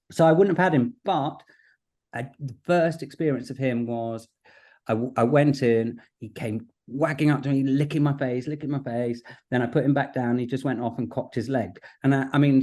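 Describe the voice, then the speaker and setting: A man, a guest in a casual podcast chat, telling stories in a lively way and laughing often. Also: mid-range voice. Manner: chatty, quick to laugh, animated storytelling. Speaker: guest broadcaster.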